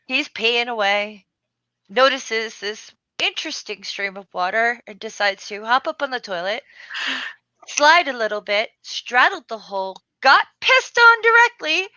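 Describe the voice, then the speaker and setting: A woman chatting casually, blunt and crude, telling animated stories. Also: fairly high pitch, a little slow, no echo, lo-fi sound. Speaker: storyteller. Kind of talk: casual chat.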